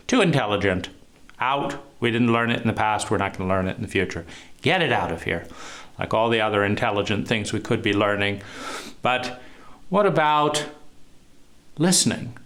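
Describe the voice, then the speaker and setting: A man giving a recorded talk on trauma and adult love, emphatic and rhetorical, stressing words with swings in pitch and pace. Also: fairly bright tone. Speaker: trauma therapist teaching.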